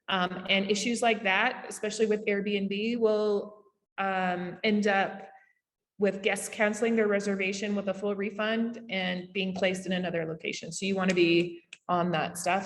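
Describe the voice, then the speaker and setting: A woman with a Canadian accent gives a casual summit talk over a video call, with quick asides and lots of fillers. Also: medium pitch, long reverb tail. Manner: chatty, rapid asides, frequent fillers. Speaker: summit speaker on short-term rentals. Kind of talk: casual presentation.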